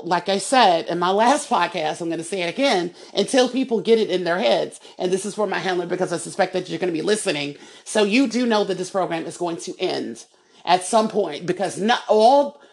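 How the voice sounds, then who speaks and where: A woman's voice: on the low side, moderate pace. A woman hosting a solo podcast, talking in a heated, emphatic way and often repeating words and restarting. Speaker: podcast host.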